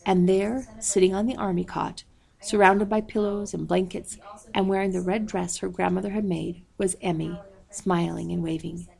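A woman reads a storybook aloud in a low, dark voice with a gravelly edge. Her delivery is measured and unhurried, and she calls out page numbers along the way. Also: steady tone. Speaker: audiobook reader.

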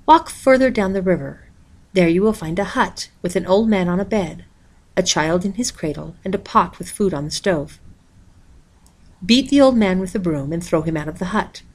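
A kind holy woman in blue from a storybook, speaking soft, slow and tender, as a woman reads her lines. Her voice is calm and motherly. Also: lowish voice.

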